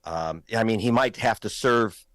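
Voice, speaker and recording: A man's voice: lowish voice, measured pace, dry recording. A man, a guest filmmaker, talking in a political talk show, emphatic and pointed, raising his voice to stress points.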